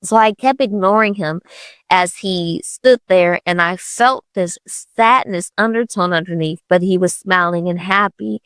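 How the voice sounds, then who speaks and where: A woman's voice: on the low side, measured pace, a bit bright, dry recording. A young woman hosting a podcast, telling a personal spiritual story in a casual, chatty way full of "I was like" and "literally". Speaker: podcast host.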